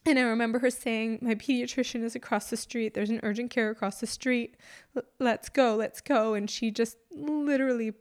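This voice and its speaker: A young mother recounts a personal story in a slightly high voice. She speaks in an emotional, halting way, with restarts and fillers between her phrases. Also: steady tone.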